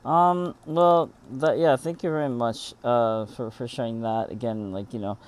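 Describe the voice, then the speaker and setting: A man hosting a livestream interview, talking casually with many pauses and filler words. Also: mid-range voice, steady tone. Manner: hesitant, lots of fillers and restarts, chatty. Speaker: interview host.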